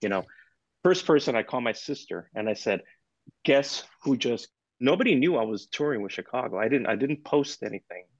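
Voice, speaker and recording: A man in a podcast interview, telling anecdotes in an animated way and acting out the dialogue in them. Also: mid-range voice, moderate pace, dry recording, dull audio. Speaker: guest percussionist.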